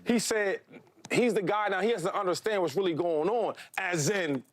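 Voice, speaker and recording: A man on a sports debate show, talking in an animated, joking, colloquial way. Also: high voice, normal speed.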